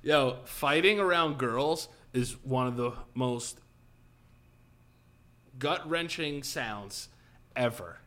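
A man's voice: mid-range voice, animated, takes it slowly, pauses often, bright, forceful tone. A young man co-hosting a comedy podcast, riffing in casual banter, swearing freely and slipping into mocking voices. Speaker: podcast co-host.

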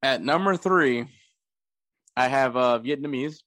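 A man co-hosting a casual podcast, talking hesitantly with lots of restarts and small chuckles. His voice sits at a middle pitch. The sound is dry and close. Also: a little slow, fairly bright tone, dry recording. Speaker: podcast co-host. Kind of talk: casual chat.

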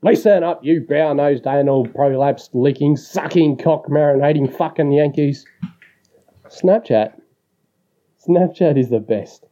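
An Australian man with a warm voice on the high side talks at a measured pace. He is a voicemail caller leaving a crude, teasing, swear-filled rant for a podcast, and the rowdy, profane message comes through as muffled voicemail audio.

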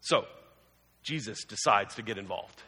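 A man's voice: fairly high pitch, very animated, moderate pace, bright, forceful tone. A man preaching a sermon as a pastor, telling the story conversationally with humorous asides. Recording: long hall reverb.

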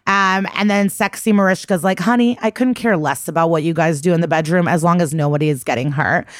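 A woman's voice: lowish voice, a little fast, no room sound, clean studio sound. A woman co-hosting a podcast, chatty and profane, recapping a TV episode and acting out its lines. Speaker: podcast co-host.

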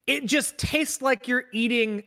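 A man's voice: very high voice, unhurried, sharp tone. A man hosting a podcast in casual chat, joking with exaggerated reactions.

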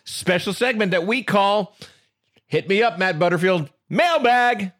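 A man with a high, very lively voice trades comic barbs as co-host of a podcast. He plays up mock outrage and breaks into laughter often. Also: a little slow. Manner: playfully indignant, laughing often. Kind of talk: comedic banter.

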